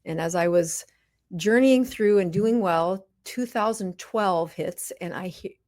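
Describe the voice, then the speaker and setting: A woman's voice: lowish voice, measured pace, a little mellow, dry recording, studio quality. A middle-aged woman physician, a podcast guest, telling her personal story candidly and with liveliness, acting out exchanges.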